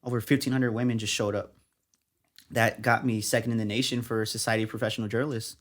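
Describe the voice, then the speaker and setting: A man's voice: mid-range voice, fast talker. A young man from Texas, a journalist guest, telling his story in a casual interview and acting out what people said to him. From San Antonio, Texas. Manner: animated, acts out quotes of others.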